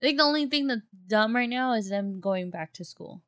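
Smooth-voiced woman in casual chat. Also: fairly high pitch, animated, brisk, fairly bright tone, clean studio sound. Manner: chatty, laughs along, echoes the other speaker's words.

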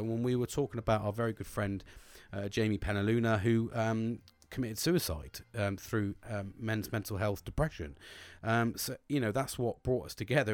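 Halting, swearing man. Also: medium pitch, no echo. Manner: halting, repeats words, swears often. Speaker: vlogger. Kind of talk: candid personal monologue.

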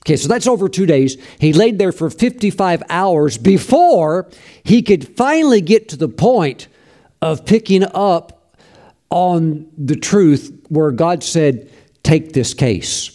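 A man's voice: fairly high pitch, lively intonation, slow pace, warm tone. A man preaching a sermon, telling a story with fervent emphasis and bursts of praise.

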